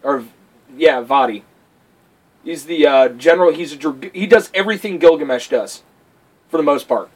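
A man's voice: on the high side, moderate pace, pauses often, poor audio. A man on a casual podcast, telling stories animatedly and with lots of swearing, acting out what people say. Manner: profane, animated storytelling with acted-out quotes. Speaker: podcast co-host. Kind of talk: casual chat.

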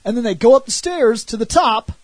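A man on a podcast, casually and animatedly recounting a movie's plot and arguing for it, with a husky voice and loose swearing. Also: very high voice, brisk, dry recording, low-quality recording. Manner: animated retelling with frequent swearing. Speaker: podcast co-host reviewing a film. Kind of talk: casual film discussion.

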